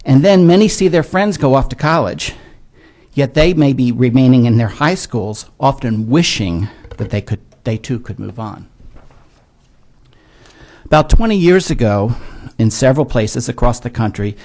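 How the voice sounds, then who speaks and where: A man in his sixties, a disability education expert, testifying to legislators in a measured, earnest way with frequent filler words. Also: medium pitch, animated, darkish tone. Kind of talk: formal testimony. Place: legislative hearing room.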